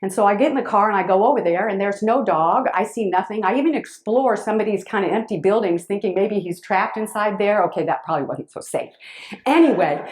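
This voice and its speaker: A woman speaker telling a personal story to a live audience. She is expressive and halting, with restarts, and swings between loud and hushed. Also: medium pitch. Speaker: motivational speaker.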